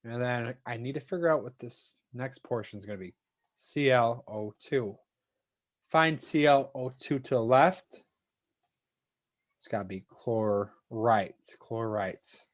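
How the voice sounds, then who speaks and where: A man's voice: medium pitch, measured pace. Casual man teaching an online chemistry class. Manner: casual, thanks students one by one.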